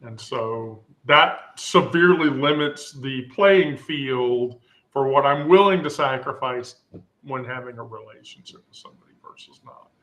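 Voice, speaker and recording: A man in a casual group chat, candid and blunt, often laughing loudly. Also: mid-range voice, measured pace.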